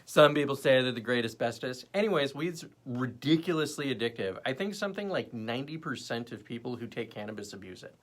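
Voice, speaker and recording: A man's voice: medium pitch, brisk, hardly any pauses. A young man hosting a casual livestream, rambling between topics and chatting with viewers in the comments. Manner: rambling, animated, jumps between topics and chat. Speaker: livestream host.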